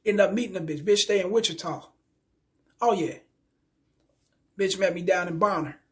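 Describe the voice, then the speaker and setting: A young man rants to his viewers in a high voice. His talk is loose and streetwise, heavy with profanity and full of stumbling restarts. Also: moderate pace. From Kansas City, Missouri. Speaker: vlogger. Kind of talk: casual storytelling rant.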